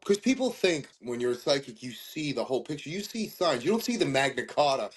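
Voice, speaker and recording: A man co-hosting a podcast who talks in a relaxed, conversational way and tells stories with plenty of fillers. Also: medium pitch, brisk, slightly rough. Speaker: podcast co-host. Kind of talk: casual chat.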